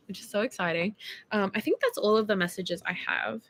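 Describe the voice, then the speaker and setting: A young Australian woman, early twenties, reads her viewers' texts during a stream, chatting casually, giggling and using many fillers. She speaks briskly in a mid-range, fairly bright voice.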